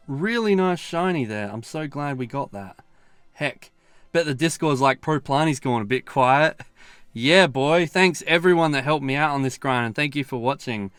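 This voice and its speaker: Chatty man, clear dry voice. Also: medium pitch, no room sound. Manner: excitable, chatty, slangy. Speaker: mobile game vlogger. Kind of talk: casual running commentary while playing.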